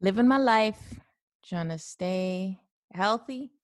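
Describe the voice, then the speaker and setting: Cheery young woman on a podcast, laughy, mid pitch, dry mic. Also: takes it slowly, dry recording. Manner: upbeat, laughs often. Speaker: podcast co-host. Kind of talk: casual chat.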